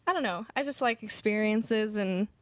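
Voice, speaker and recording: A woman's voice: mid-range voice, moderate pace, dry recording. A woman in her late teens, a young songwriter being interviewed in a TV studio, talking in a bubbly, casual, self-deprecating way.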